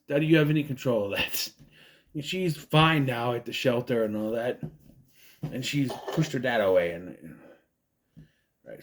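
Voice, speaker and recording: A man's voice: mid-range voice, slight background noise. A man from southern Minnesota giving a casual, rambling movie review with joking asides.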